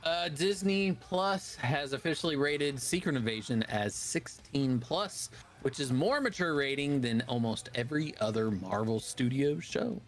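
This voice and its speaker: A man co-hosts a podcast and reads pop-culture news items in a relaxed, offhand way. He fills gaps with "uh" and "um" as he moves down the list. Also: medium pitch, measured pace, soft background music. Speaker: podcast co-host reading news. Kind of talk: casual news rundown.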